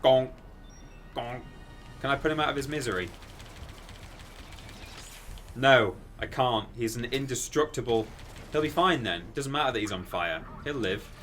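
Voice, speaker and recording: A man chatting casually while streaming a video game, rambling and bursting into excited exclamations. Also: mid-range voice, moderate pace, pauses often, a little hiss or hum. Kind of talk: casual gaming stream commentary.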